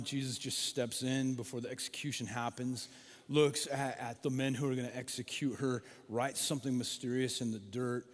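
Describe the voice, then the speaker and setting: A male pastor preaching a sermon, telling stories in an animated way and acting out the voices in them. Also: mid-range voice. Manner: animated storytelling, acts out quoted voices. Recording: long hall reverb.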